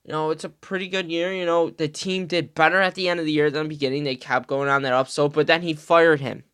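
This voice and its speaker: A man's voice: a little high, steady tone, quick pace, a bit bright, clean tone, no room sound, studio quality. A man hosting a podcast, ranting casually and heatedly about football, profane and rambling. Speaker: podcast host.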